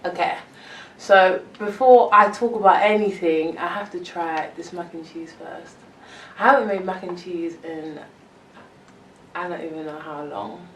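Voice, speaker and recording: A young woman with a London accent chatting excitedly through a mukbang vlog, rambling and giggling between bites. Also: fairly low pitch, measured pace, distant mic, slight background noise. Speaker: vlogger. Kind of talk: casual mukbang chat. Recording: roomy echo, mic some way off.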